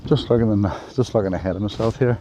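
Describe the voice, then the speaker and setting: A man's voice: on the low side, racing, warm tone, slight background noise. A man vlogging casually while walking uphill through a forest, rambling with lots of fillers and a bit out of breath. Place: outdoors in a forest on a hill.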